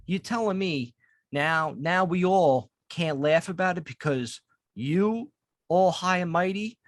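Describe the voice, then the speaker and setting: A man's voice: sits high, takes it slowly, dry recording, studio quality. A man, co-hosting a podcast in casual chat and ranting heatedly with plenty of swearing. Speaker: podcast co-host.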